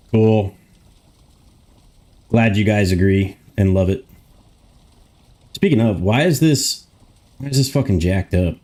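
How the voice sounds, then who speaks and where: Young guy streaming from his room at home, talks slow and drawn out, mutters and swears a lot while he fiddles with stuff. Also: fairly low pitch, darkish tone. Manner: swears often, grumbling and muttering to himself. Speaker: live streamer. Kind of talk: casual live-stream chat.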